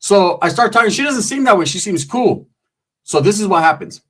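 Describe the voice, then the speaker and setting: A man telling a comic story in a casual, profane, slangy way, breaking into squeaky voices when he quotes people. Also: big pitch swings, a little fast, a bit bright, husky.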